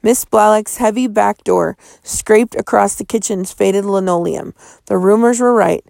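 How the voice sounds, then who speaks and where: A woman's voice: mid-range voice, a little slow, creaky, darkish tone, no room sound. A woman reading a children's novel aloud, with a tense, suspenseful delivery. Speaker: audiobook narrator. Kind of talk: storybook reading.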